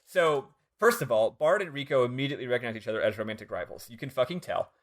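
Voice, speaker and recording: A man co-hosting a podcast, recapping a game in casual chat, laughing often and swearing, acting out the characters in quick bits. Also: mid-range voice, animated. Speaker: podcast co-host.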